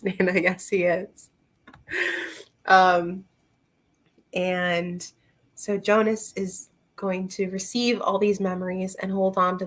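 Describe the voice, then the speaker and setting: Unhurried chatty woman reviewing books. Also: medium pitch, a bit bright. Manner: chatty, laughs often, answers chat. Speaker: book reviewer. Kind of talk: casual livestream book chat.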